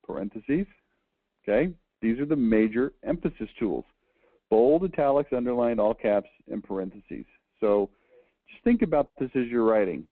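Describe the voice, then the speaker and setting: A man's voice: lowish voice, no room sound. Man lecturing over tinny, phone-like audio. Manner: tag "okay?" at the end of points, talks with frequent restarts. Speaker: presenter reviewing a book. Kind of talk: conversational slide lecture.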